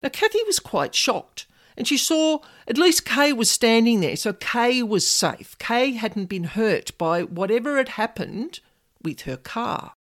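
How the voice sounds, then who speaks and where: A woman's voice: on the high side, expressive, measured pace. A woman narrating a personal story in a conversational way with casual asides.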